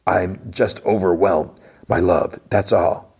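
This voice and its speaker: A man voicing a hulking crime boss who speaks slowly and hesitantly to his wife. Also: low-pitched, fairly even intonation, creaky, darkish tone, husky, heavily acted. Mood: tender.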